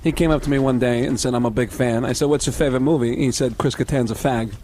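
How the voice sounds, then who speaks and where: A man doing a deadpan celebrity impression. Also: mid-range voice, fast, slight background noise, lightly acted. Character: man impersonating a famous actor, halting and deadpan.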